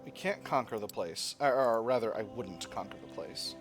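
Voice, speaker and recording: A male let's play gamer talks through his strategy game casually, musing aloud and often correcting himself while game music plays beneath. His lowish voice is animated and moves at normal speed.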